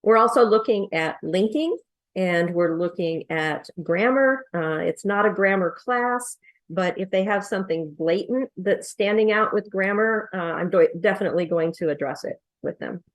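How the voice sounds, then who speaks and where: A woman's voice: mid-range voice, normal speed. A woman, a coach giving a casual lesson, explaining step by step with rhetorical questions and fillers. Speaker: accent coach teaching presenters.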